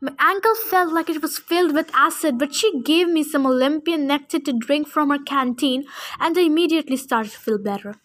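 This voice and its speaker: A woman reading a first-person storybook aloud with expressive, lively narration. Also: high-pitched, brisk. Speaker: reader.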